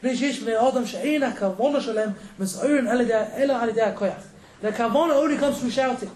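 A man teaching a casual religious lesson, quick and joking, chuckling between points. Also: extremely high pitch, darkish tone, roomy sound, poor audio. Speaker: rabbi teaching a class.

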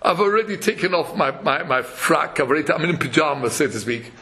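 A man with a fairly high, brisk voice delivers a Torah sermon as a lecturer. He's animated, chanting verses, acting out parables and quotes, and chuckling often.

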